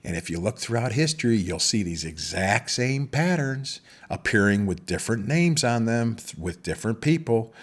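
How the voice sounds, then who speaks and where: A middle-aged man hosting a podcast, talking in a rambling monologue with many restarts. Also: lowish voice. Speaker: podcast host. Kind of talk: casual monologue.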